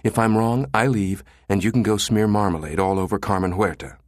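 A man voicing a pushy, fierce middle-aged woman analyst, talking in an insistent, sharp, clipped way. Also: fairly low pitch, steady tone, brisk, dry recording, studio quality, close to an everyday voice.

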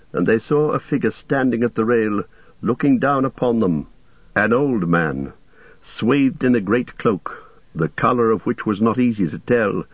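A man reading a fantasy audiobook in a measured storytelling manner. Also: medium pitch, slightly rough, dry recording. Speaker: audiobook narrator. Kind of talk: scripted narration. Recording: dull lo-fi recording.

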